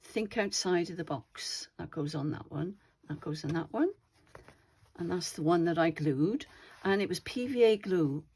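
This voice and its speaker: Craft host, female, lower pitch, relaxed rambling tutorial delivery, thinks aloud. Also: normal speed, breathy edge. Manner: chatty, rambling, thinks aloud while handling materials. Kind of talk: casual slow-stitching tutorial.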